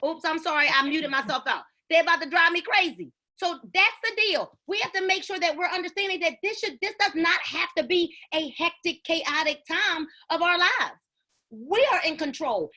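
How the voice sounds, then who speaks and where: A woman giving an energetic motivational talk on a video call, preaching and calling out to her listeners. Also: very high voice, moderate pace. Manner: preachy, exclamatory, call-and-response. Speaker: network marketing leader.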